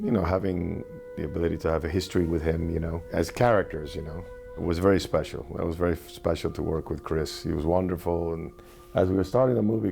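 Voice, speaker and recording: Interviewed actor, male, gravelly and dark-toned, halting reflective anecdotes. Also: low-pitched. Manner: reflective, halting storytelling with restarts.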